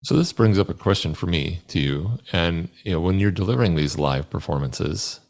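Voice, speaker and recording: A male host chats on a livestream in a very deep voice with heavy vocal fry. He keeps his tone reassuring and encouraging toward his guest. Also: normal speed, darkish tone. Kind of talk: casual livestream chat.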